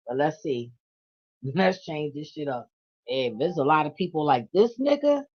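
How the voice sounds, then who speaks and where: A woman's voice: low voice, sing-song, moderate pace. A woman doing a casual tarot reading vlog, blunt and profane, with laughing asides. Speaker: tarot reader. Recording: dull lo-fi audio.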